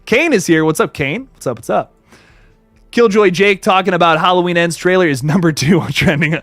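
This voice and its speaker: A young man hosts a casual livestream, reading chat comments and reacting with lively, profane enthusiasm. His voice sits slightly high for a man. The recording is close and dry, with almost no room sound. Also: dry recording, soft background music. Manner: animated, swearing, quick asides and self-corrections. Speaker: livestream host.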